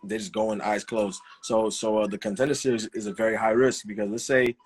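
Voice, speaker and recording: A man who is a professional fighter, guesting on a casual live-stream interview and speaking relaxed, often repeating words. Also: fairly low pitch, brisk, husky, soft background music. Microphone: video call.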